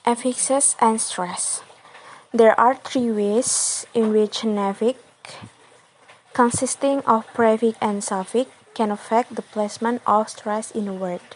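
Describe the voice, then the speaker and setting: Slow, careful young woman. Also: fairly high pitch, fairly even intonation, a little mellow, slight background noise, low-quality recording. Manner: careful, halting reading of examples. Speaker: student presenter. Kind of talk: classroom presentation.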